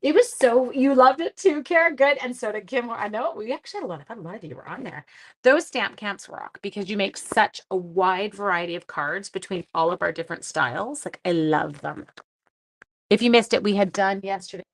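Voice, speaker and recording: A woman's voice: mid-range voice, brisk. A Canadian woman hosting a card-making live stream, chatting casually, greeting viewers by name and thinking aloud as she works. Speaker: card-making livestream host. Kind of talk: casual live-stream chat while crafting.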